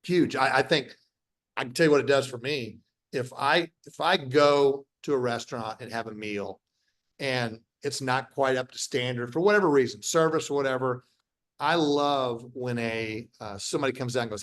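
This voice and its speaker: He's a middle-aged company founder being interviewed informally, with a medium-pitched, steady voice and a brisk pace. Bluntly and emphatically, he repeats his points and starts sentences over, acting out quoted conversations as he tells stories.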